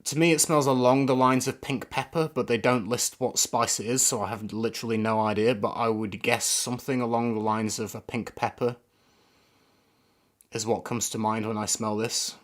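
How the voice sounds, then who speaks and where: A man's voice: medium pitch, fairly even intonation, normal speed. Man, fragrance reviewer, live stream, casual, rambling, searching for words.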